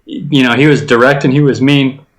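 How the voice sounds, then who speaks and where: A man's voice: medium pitch, fairly even intonation, fairly quick, low-quality recording. A man co-hosting a casual movie podcast, thinking aloud and restarting his sentences as he reasons. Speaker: podcast co-host.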